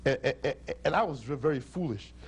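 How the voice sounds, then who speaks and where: A man's voice: mid-range voice, lively intonation, fast talker, breathy edge. A man voicing a blind male lion who is foolish and sorry, stammering and pleading with his friends. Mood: remorseful.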